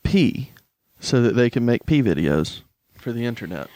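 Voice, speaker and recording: A man's voice: mid-range voice, very animated, moderate pace, a little mellow, dry recording. A man with a Southern American accent, co-hosting a podcast with joking, sarcastic banter. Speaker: podcast co-host. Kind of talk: casual chat.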